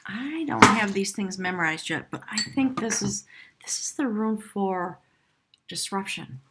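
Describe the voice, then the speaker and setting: An excitable woman talks through a tarot reading in a casual, chatty way, quick to laugh and exclaim. At times she slows down to read passages aloud from a book. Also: mid-range voice, heavy background noise. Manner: reads aloud from a book slowly in parts. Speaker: tarot reader.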